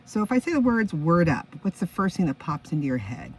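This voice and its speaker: A woman's voice: lowish voice, very animated, fairly quick, husky, far from the mic, poor audio. A woman in her fifties hosting her own music podcast in a chatty, enthusiastic way, stopping now and then to react to her notes. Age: 50s. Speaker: podcast host. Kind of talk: casual solo podcast chat.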